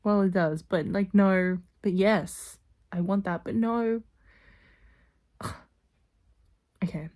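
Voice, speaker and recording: A young adult woman rambling excitedly in a casual reaction vlog, gushing over a TV series. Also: mid-range voice, takes it slowly, long pauses.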